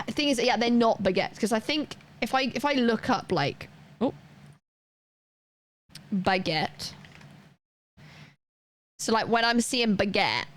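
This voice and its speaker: A woman's voice: mid-range voice, a bit bright. A woman, chatting casually and rambling with lots of fillers while she streams a game. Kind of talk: casual chat while gaming.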